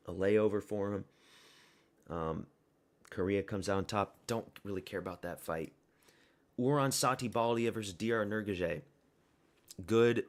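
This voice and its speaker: A young man giving a casual, blunt and rambling fight review monologue, full of opinions and fillers. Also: fairly low pitch. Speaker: MMA commentary YouTuber.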